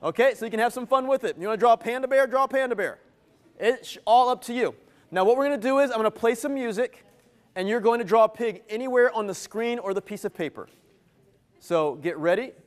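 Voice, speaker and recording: High-voiced energetic male keynote speaker. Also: fairly quick. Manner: energetic, playful, teasing the audience. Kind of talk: interactive live keynote. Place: event venue with a live audience.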